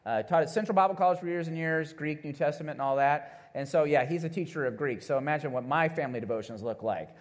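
A man preaching a sermon, telling a family story in a playful, animated way and checking in with the congregation as he goes. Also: fairly high pitch, fast talker, few pauses. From Missouri, USA. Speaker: pastor.

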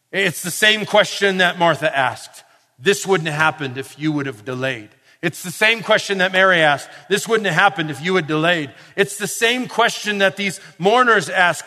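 A man preaching a sermon in a conversational way, asking his listeners questions and building to forceful emphasis. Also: on the high side. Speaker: pastor. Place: church or camp meeting hall. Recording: long reverb of a large hall.

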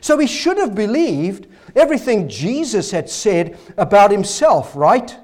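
Hoarse preacher with a lively, high voice. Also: male voice, measured pace. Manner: expository preaching with rhetorical questions, coughing. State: hoarse, voice failing. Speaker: pastor. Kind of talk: sermon.

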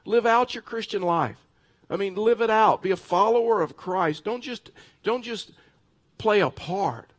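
Male pastor, sermon delivery, a touch high-pitched, lively anecdotal preaching with restarts. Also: measured pace. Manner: animated storytelling with bursts of laughter; repeats words and restarts phrases.

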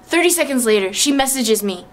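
A woman's voice: high-pitched, lively intonation, a little fast. A woman sharing an emotional, exclamatory faith testimony, with music underneath. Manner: emotional, exclamatory, tearful at moments. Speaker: Christian speaker sharing testimony.

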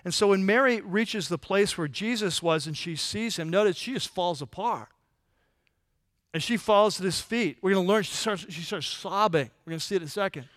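A high-voiced pastor preaches a sermon conversationally at normal speed, posing rhetorical questions to his listeners. In tender moments he grows soft and quiet, and the recording is dry with little room sound.

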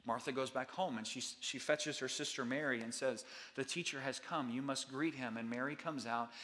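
A middle-aged male pastor preaching a sermon with an earnest, repetitive cadence, dropping his voice softly on key lines. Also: medium pitch, normal speed.

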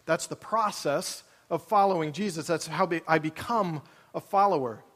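A man preaching a sermon in a high voice, talking casually with his congregation and asking them questions. His voice rings out in a large auditorium with a long reverb tail. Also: normal speed, fairly bright tone. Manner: conversational, asks the congregation questions. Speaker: pastor.

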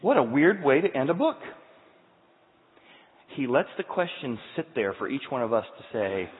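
A male pastor preaching a sermon, telling the story in an animated way and moving between loud and quiet passages. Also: medium pitch, moderate pace, long pauses. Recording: tinny sound, long hall reverb.

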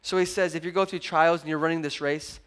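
A man, a pastor preaching a sermon and telling family stories with lively energy. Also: on the high side, quick pace. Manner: animated storytelling, acts out his daughter's voice.

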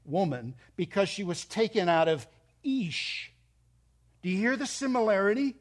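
Animated male preacher. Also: high-pitched, measured pace. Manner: expressive preaching, voice rising and dropping. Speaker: pastor. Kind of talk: sermon.

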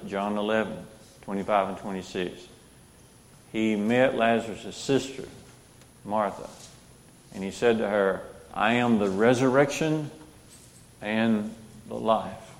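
A man with a low, gravelly voice leads a Bible class. He reads verses aloud and puts questions to the group as he goes. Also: darkish tone, big-room sound. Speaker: Bible study teacher.

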